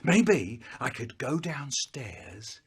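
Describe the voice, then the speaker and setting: Animated older storyteller man. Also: mid-range voice, very slow, heavy background noise. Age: 60s. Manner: animated, exaggerated children's storyteller delivery. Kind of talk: spliced comedic storytelling remix.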